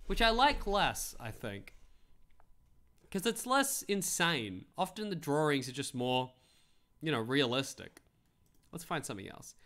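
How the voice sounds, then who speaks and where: A man's voice: on the high side, pushed and bright. A man streaming casual commentary, reading how-to articles aloud with wry, rambling asides and replies to his chat.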